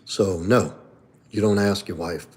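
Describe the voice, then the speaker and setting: A man's voice: sits low, a little slow. A man hosting a live stream, answering viewer questions from chat in a blunt, profane, opinionated way. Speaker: livestream host and coach. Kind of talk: casual livestream chat.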